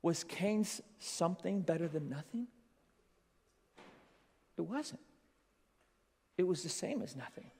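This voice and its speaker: A man giving a school chapel sermon in an animated way, acting out quoted voices and calling his listeners "you guys". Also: a little high, takes it slowly, gravelly, pauses often, slightly rough. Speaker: chapel speaker. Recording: long hall reverb.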